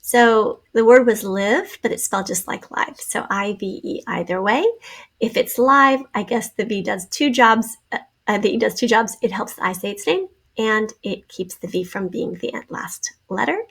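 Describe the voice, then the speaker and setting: A woman's voice: mid-range voice, moderate pace, gravelly, husky. A woman teacher giving a spelling lesson to young pupils, patiently sounding out letters and syllables for a class video.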